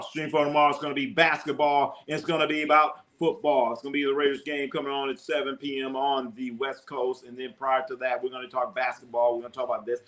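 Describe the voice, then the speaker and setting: A man hosting a casual live sports stream, talking to chat with animated bursts of excitement. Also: fast, hardly any pauses. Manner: animated, jumps into high excited shouts.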